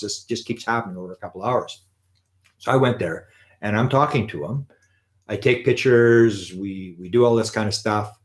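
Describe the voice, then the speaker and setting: A man with a somewhat low voice speaks to a live audience. He tells a long anecdote in an animated way and acts out the quoted lines. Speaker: lecturer on UFOs. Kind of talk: live storytelling talk.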